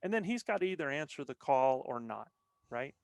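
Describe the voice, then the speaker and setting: A man's voice: mid-range voice, very animated, a little fast, creaky, no room sound. A man talking as a podcast guest, explaining things earnestly in a casual chat with frequent restarts. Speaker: podcast guest, veteran elk bowhunter.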